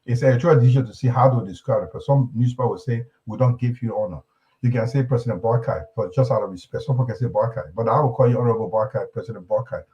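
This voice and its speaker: A man hosts a live panel show, mid-pitched and conversational. He reads the newspaper aloud and keeps adding rambling asides and questions for the panel. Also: very fast, few pauses, warm tone, muffled recording. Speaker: talk show host.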